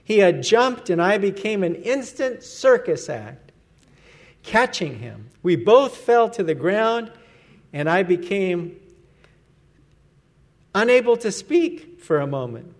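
A man's voice: high-pitched, big pitch swings, slow, pauses often. A man preaching a sermon as pastor, earnest and emphatic, letting his voice fall at the end of each phrase.

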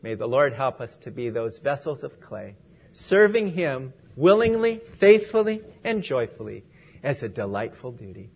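A man's voice: mid-range voice, big pitch swings, moderate pace, vocal fry, slightly rough. A man preaching a sermon and closing in prayer, earnest and emphatic. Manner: earnest, emphatic, with rising and falling stresses.

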